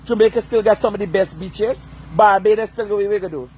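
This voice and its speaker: Man, fairly high voice, agitated swearing rant, faint traffic behind. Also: brisk. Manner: repeats "you understand?", swears constantly, loud and agitated. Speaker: vlogger. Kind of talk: heated profane rant.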